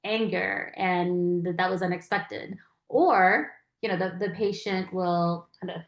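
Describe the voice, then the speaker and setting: Woman lecturing in an echoey room. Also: fairly low pitch. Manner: conversational, acts out quoted phrases. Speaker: palliative care educator.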